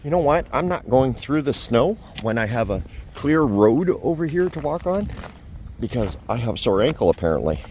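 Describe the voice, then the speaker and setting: A man's voice: medium pitch, sing-song, moderate pace, a little mellow, a little hiss or hum. Chatty middle-aged man vlogging outdoors. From Canada. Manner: chatty and self-deprecating, often chuckling. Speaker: travel vlogger. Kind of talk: casual vlog walk-and-talk. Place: outdoors at a fish hatchery, cold wind.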